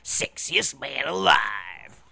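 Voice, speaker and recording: A man's voice: medium pitch, very animated, slow, gravelly, sharp tone. A man co-hosting a podcast in casual chat, teasing and wisecracking. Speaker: podcast co-host.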